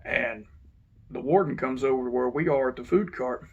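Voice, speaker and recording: Gravelly ex-guard, blunt storyteller, mid-pitched, swears casually. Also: male voice, animated, normal speed, muffled recording. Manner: blunt, frank, swears now and then. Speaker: former correctional officer. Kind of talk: casual first-person storytelling.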